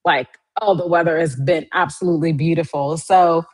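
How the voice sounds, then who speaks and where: A young adult woman hosting a casual live stream, chatting directly to her viewers in a lively way. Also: normal speed. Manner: lively, swings up high in pitch.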